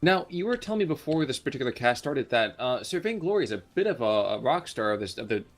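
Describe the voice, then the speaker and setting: A male game caster trading jokey banter with his co-host over a war strategy replay. He talks fast at a mid pitch and keeps things playful. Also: big pitch swings.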